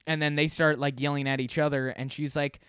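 Male storyteller, rambling and profane, clear voice, dry close sound. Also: fairly high pitch, flat delivery, fairly quick, a bit bright, no echo. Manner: rambling, self-deprecating, profane, many fillers. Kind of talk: casual storytelling.

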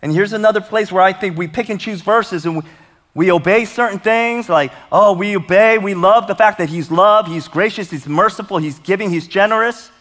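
Male pastor, lively preaching, higher voice, long hall reverb. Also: normal speed. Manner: animated, conversational preaching with humor and rhetorical questions. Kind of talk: sermon.

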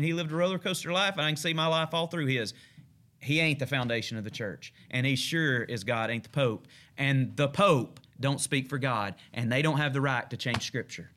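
A man leads a midweek Bible study as pastor, preaching in a folksy, emphatic way. His voice is bright and forceful, and he swells and then drops back as he drives each point home. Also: fairly high pitch. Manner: folksy, emphatic preaching with rising and falling intensity.

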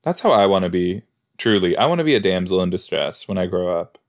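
A podcast host with a deep voice reacts to an episode as he watches, quick-paced and animated. He's chatty and jokey, thinking aloud with plenty of fillers.

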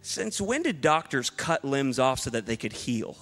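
A man's voice: mid-range voice, big pitch swings, moderate pace, fairly bright tone, in a large hall, soft background music. A male pastor preaching a sermon to a congregation, emphatic and rhetorical, with playful asides to the room. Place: church hall before a congregation.

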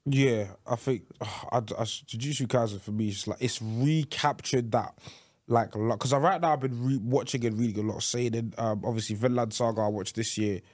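A man hosting a casual podcast, his voice sitting at an everyday middle pitch. He talks with animation, stacking up "like" fillers and restarting his sentences as his thoughts run ahead of him. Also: brisk, darkish tone. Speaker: podcast host. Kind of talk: casual chat.

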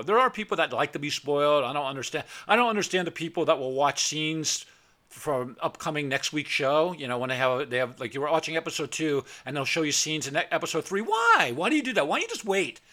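This podcast host, a middle-aged man, rants bluntly and off the cuff, raising his voice as he plays out both sides of arguments and stumbles on repeated words. He sounds on the high side, brisk, pushed and bright.

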